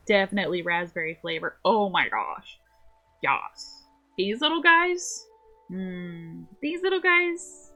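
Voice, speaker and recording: A woman chats as she plays through a game stream. She talks at an easy, unhurried pace and wanders from one topic to the next, rambling cheerfully. Light game music plays softly in the background. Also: a little high. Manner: playful, rambling, chatty. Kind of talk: casual gameplay chat.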